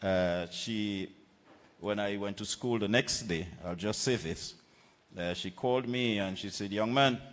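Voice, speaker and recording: A man with a Vincentian accent giving a political rally speech, measured and deliberate with pauses and repetitions. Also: fairly low pitch, big-room sound. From Saint Vincent and the Grenadines. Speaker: political candidate. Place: outdoor political rally platform.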